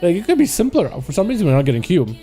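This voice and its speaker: Faint music plays behind this young streamer, whose high voice swings wildly in pitch as he talks rapid-fire with a dark tone. A native Russian speaker with a slight accent, he chats easily about gaming, tossing in "yo," "dude," and "boys."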